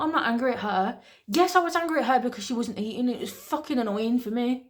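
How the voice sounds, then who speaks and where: Young woman, slightly high voice, blunt and sweary, frustrated vlog rant. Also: expressive, fairly quick. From England. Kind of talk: candid venting to camera.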